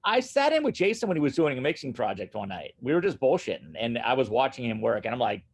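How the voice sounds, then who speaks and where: Gravelly-voiced drummer in casual talk. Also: male voice, medium pitch, fast, hardly any pauses. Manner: laughs often, animated, repeats himself. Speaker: guest, studio owner and drummer. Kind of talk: casual conversation.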